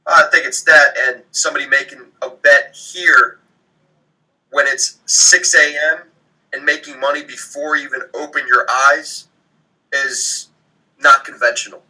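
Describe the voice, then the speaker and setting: Matter-of-fact man, off-mic and bright. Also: medium pitch, steady tone, unhurried, distant mic, poor audio. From abroad, came to the US at ten. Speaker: co-host on a sports betting show.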